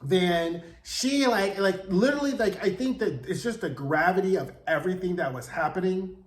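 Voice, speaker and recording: A man hosting a casual, chatty TV recap, telling the plot in a gossipy, animated way with slangy asides. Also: high voice, moderate pace. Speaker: TV recap host. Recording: roomy echo.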